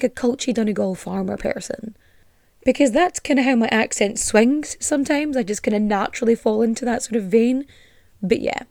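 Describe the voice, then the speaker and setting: A woman's voice: high-pitched, dry recording. Young woman from Ireland, podcast host, sarcastic and sweary, voice swings up and down, dry close sound. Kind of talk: casual storytelling.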